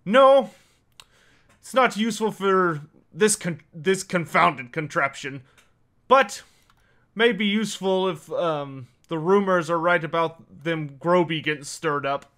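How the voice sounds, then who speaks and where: Man putting on a dwarf foreman, gruff, curt, pipe-smoking, high and bright, crisp. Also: takes it slowly.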